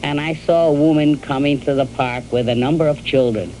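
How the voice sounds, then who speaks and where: An older woman from New York telling the story of her youth and marriage to her husband, in a halting storytelling way with repeated words and fillers. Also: low voice, warm tone, slight background noise, low-quality recording. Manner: addresses her husband directly. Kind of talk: reminiscing in an archival interview.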